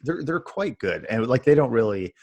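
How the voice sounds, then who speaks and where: A man, a husky voice, chatting casually as a podcast co-host and telling an animated, swearing story. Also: medium pitch, moderate pace, muffled recording. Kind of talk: casual chat among friends.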